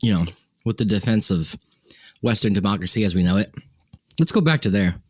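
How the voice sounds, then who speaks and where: A man's voice: fairly low pitch, expressive, a little fast, no echo. A man from Wyoming co-hosting a podcast in casual chat, joking and poking fun at himself as he tells stories. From Wyoming, USA. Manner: joking, self-mocking storyteller. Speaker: podcast co-host.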